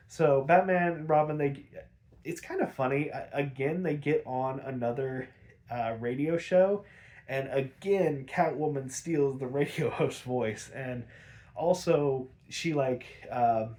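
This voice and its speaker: A man's voice: mid-range voice, darkish tone. A man hosting a podcast, casually recapping cartoon episodes with sarcasm, frequent laughter and swearing. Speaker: podcast host.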